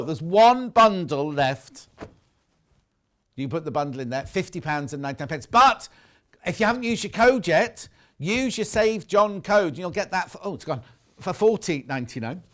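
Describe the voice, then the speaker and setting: A man's voice: high-pitched, animated, a little fast. A man from the north-west of England hosting live sewing sales on a TV shopping channel, chatty and jokey. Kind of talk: live TV selling and chat. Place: TV studio.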